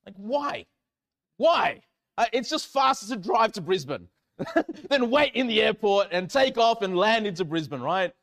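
A male pastor tells a story from the pulpit in a high, bright-toned voice. His delivery is animated, jumping from loud cries to quiet, sinking lines. He sounds like a preacher in full storytelling flow. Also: moderate pace, creaky. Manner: animated storytelling, swinging from loud exclamations to hushed low lines. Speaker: church pastor. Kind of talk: sermon storytelling.

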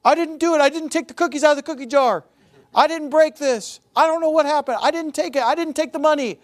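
A man voicing an old woman caught in a lie, protesting in a shrill, rapid-fire way. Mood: defensive. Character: old woman caught lying, panicky and defensive.

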